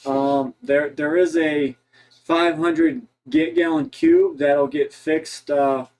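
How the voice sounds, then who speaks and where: A man with a slightly higher voice talks in a loose livestream chat, rambling and halting. He trips over his words and restarts often as he thinks aloud. He is from Ohio. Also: animated, vocal fry, darkish tone, rough recording. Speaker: co-host.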